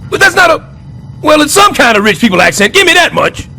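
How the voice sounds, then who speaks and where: A man voicing a brash, scheming middle-aged building superintendent in a cartoon, loud and sarcastic. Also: very high voice, sing-song, fairly quick, vocal fry, slight background noise, full character voice. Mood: coaxing. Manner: loud, sarcastic wisecracking, jumps between growls and squeals. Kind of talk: stop-motion cartoon voice acting.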